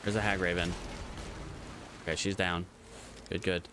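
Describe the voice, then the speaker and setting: A man's voice: low-pitched, level tone, normal speed, noisy background. A man casually commenting as he streams a game, chatting to viewers and to creatures on screen.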